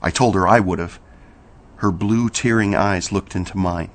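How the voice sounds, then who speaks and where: A man reading a horror story aloud in a slow, measured storytelling manner. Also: low-pitched, steady tone. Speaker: narrator. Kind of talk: scripted horror narration.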